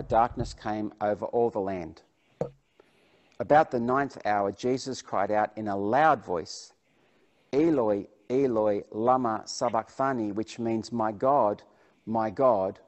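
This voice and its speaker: A man preaching a sermon, reading Bible verses aloud with emphasis and then explaining them. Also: on the low side.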